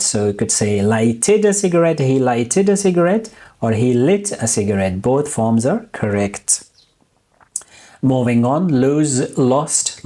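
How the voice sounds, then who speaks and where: A man teaching English in a recorded lesson, slowly drilling verb forms and repeating each one deliberately. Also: medium pitch, dark tone.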